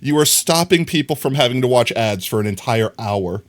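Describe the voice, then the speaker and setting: A young adult man livestreaming, chatting casually and teasingly with his viewers while he plays a game. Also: moderate pace. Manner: playful and teasing, talks straight to chat; animated, rising pitch swings.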